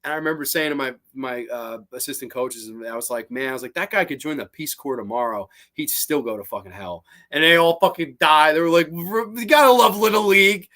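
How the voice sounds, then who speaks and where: Guy hosting a live stream about movies, talks real fast, swears constantly, rambles and gets animated. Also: mid-range voice. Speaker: host.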